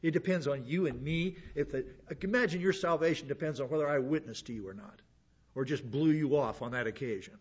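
A man's voice: on the high side, fairly quick, breathy edge, highs cut off. A man preaching a sermon in a conversational way, with chuckling asides and frequent fillers. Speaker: pastor.

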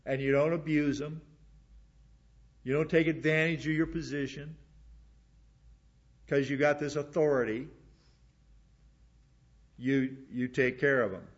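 A male pastor delivering a sermon, repeating words for emphasis and dropping into quiet asides. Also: on the high side, fairly even intonation, a little slow, pauses often, slightly rough, highs cut off.

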